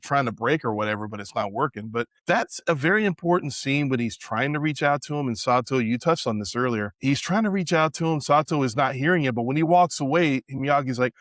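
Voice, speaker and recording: A man's voice: medium pitch, expressive, brisk, hardly any pauses, no room sound, clean studio sound. Easygoing male podcast co-host. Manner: retells scenes in detail, easygoing. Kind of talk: casual movie discussion.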